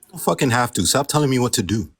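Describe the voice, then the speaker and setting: A man's voice: medium pitch, lively intonation, racing, breathy edge. A man calling into a heated live-stream debate, heckling the host with sarcasm and swearing.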